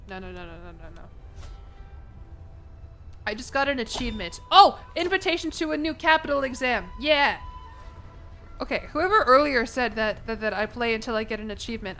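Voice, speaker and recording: A young woman streaming a game, cursing freely and joking at her own expense. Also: a little high. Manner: profane, self-mocking, excitable. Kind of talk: casual gameplay commentary.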